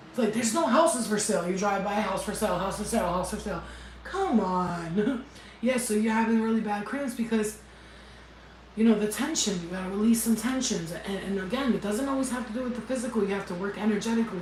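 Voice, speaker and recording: A woman's voice: medium pitch, recorded from a distance. A blunt, profane woman chats to her viewers on a casual livestream. She laughs often and acts out what other people said. She sits well back from the mic in a roomy, echoing space with a faint hum behind her. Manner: animated, acts out quotes. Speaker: spiritual healing vlogger.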